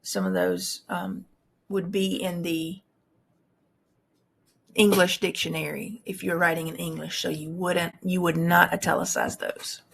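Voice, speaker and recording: A woman's voice: lowish voice, unhurried, creaky, breathy edge. A woman instructor explaining formatting rules in a recorded tutorial, talking through examples with frequent fillers and restarts.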